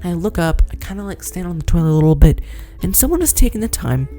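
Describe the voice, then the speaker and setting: Animated young man telling a vlog story. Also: sits high, quick pace, soft background music. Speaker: vlogger.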